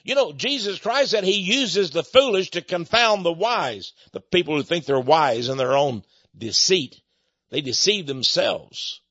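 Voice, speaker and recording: Man, high voice, indignant monologue, angry loud bursts, dry recording. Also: animated, measured pace, no room sound, highs cut off. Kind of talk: impassioned spoken monologue.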